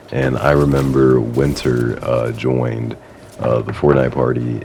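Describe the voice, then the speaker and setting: Very deep, slow-talking, gravelly young man. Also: a little mellow, slight background noise. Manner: rambling, filler-heavy, laughs at himself. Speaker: YouTuber. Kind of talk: casual story time. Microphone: console setup mic.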